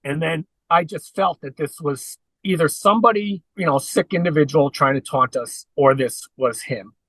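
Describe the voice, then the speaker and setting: Man, podcast guest, earnest storyteller, forceful fairly high voice, dry close sound. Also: moderate pace, no room sound, rough recording. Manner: earnest, recounting at length. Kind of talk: conversational interview.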